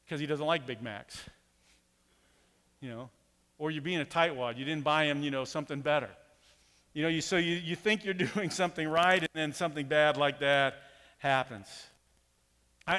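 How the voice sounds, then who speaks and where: A man's voice: a little high, clean tone. A man preaching a sermon as a pastor, talking casually and telling a story animatedly. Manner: conversational, animated storytelling with acted quotes. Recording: long hall reverb.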